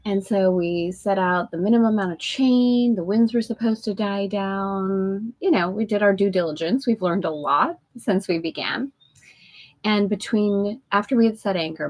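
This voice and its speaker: Breathy, effusive woman chatting live. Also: medium pitch, a little mellow, low-quality recording. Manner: chatty and effusive, laughs often, greets viewers by name. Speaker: host of a live spiritual women's group call. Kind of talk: casual live-stream chat. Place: aboard a sailboat at anchor.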